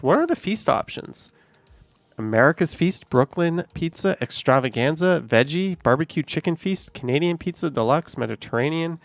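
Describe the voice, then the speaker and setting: A man's voice: on the high side, no echo. Casual man chatting on a live stream. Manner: rambling, talks to viewers and voice assistants, swears when annoyed.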